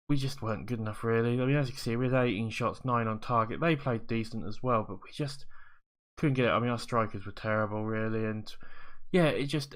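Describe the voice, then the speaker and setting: A man's voice: mid-range voice, fairly bright tone. A man giving casual commentary over a football management game, rambling and correcting himself as he goes. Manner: rambling, self-correcting, upbeat. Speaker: video game streamer.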